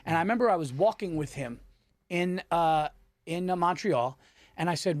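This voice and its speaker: High-pitched guy hosting a podcast, swears a lot, does little voices for quotes, dry studio sound. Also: fast talker, no echo. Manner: animated, swears freely, acts out quotes. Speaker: podcast host and comedian. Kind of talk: casual chat.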